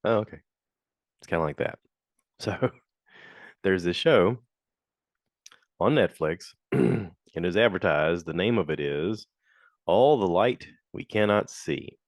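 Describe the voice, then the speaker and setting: Man, very deep voice, dry close mic, rambling casual podcast chat, acts out quotes. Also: lively intonation, takes it slowly, long pauses, dry recording. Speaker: podcast host. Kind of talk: casual solo review chat.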